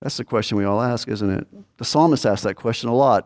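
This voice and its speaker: A man preaching a sermon in a mid-pitched voice, talking to his listeners like a conversation. He throws rhetorical questions at them and lifts his voice into pleading cries, then sinks to quiet, low remarks. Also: a little fast. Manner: swings between raised pleading lines and low quiet asides. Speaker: pastor.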